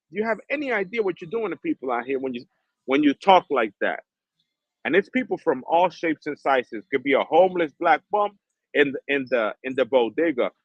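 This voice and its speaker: A man's voice: on the high side, no room sound, muffled recording. A man hosting a livestream, ranting in heated, profane street slang. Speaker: livestream host.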